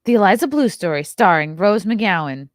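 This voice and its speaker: A woman's voice: medium pitch, expressive, normal speed, no room sound, studio quality. Chatty woman hosting a stream. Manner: chatty, riffing, laughs often. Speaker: host. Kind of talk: casual live-stream chat.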